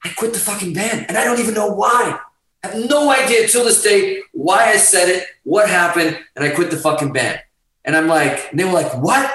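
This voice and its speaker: A middle-aged man from Portugal, a guest musician telling a story on a podcast in a lively, profane way, acting out the quotes. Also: sits high, brisk, distant mic. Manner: animated, profane, acts out quotes. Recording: echoey room, off-mic.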